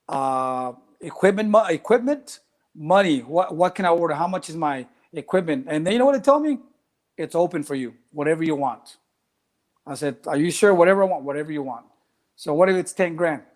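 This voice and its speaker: A track and cross country coach, speaking in a slightly high male voice, tells stories in a casual interview. He's animated, acting out quoted voices and mixing in Spanish phrases.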